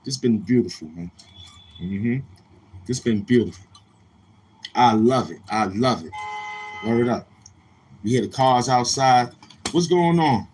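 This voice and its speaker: A man hosting a casual livestream, talking in a loose, streetwise way. He says he is a little tired, and he sometimes gets loud and animated. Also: medium pitch, unhurried, pauses often, a little hiss or hum. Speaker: livestream host. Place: outdoors near a street, car noise heard.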